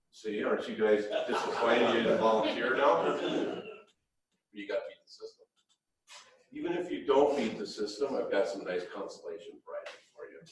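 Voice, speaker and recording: Low-pitched male presenter, folksy, joking, heard from far off in an echoing hall. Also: a little hiss or hum. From Wisconsin-Minnesota border. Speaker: safety presenter. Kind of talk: workshop presentation. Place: large room with an audience.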